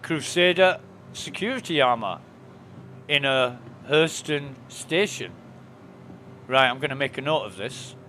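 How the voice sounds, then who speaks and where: A man's voice: mid-range voice, expressive, a little slow, long pauses, sharp tone, a little hiss or hum. A man chatting casually while live-streaming a video game, rambling with lots of fillers and laughing at his own stories. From United Kingdom. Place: home desk.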